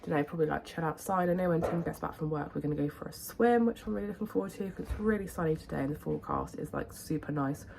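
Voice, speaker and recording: A young woman vlogging casually about her day, chatty and relaxed, her voice hoarse as she is losing it. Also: sits low, fast talker, hardly any pauses, a little hiss or hum. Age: young adult. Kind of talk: casual vlog chat.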